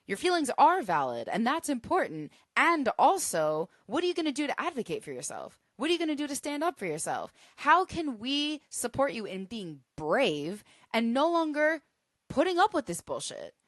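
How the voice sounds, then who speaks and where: A woman hosting a solo podcast, teaching in an earnest, emphatic way that builds to forceful bursts. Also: fairly high pitch, wildly swooping pitch, normal speed, no room sound, studio quality. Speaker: podcast host.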